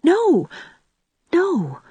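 A woman's voice: fairly high pitch, big pitch swings, a little slow, a little mellow, husky, no echo, pitched above the performer's own voice, exaggerated voice. A woman voicing an earnest, emotional young woman student, pleading and breathless, at times dropping to a whisper. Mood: anxious.

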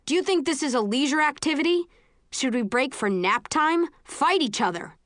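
A brash young man barks orders with open scorn, as a woman reading an audiobook puts him on. The voice jumps high and loud, in a dry close recording. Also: animated, moderate pace, no echo. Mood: scornful shouting. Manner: barking, scornful. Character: young male fighter, brash leader.

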